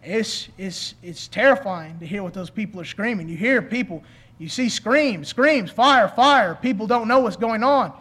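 High-voiced earnest male preacher. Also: lively intonation, normal speed, fairly bright tone, slightly rough. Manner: earnest, pleading, with rhetorical questions. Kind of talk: sermon.

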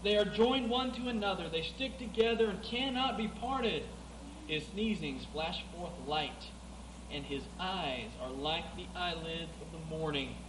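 A man preaching a sermon, reading scripture aloud, swinging between loud emphatic passages and quieter asides. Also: sits high, expressive, a little slow. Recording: echoey room with clear background noise.

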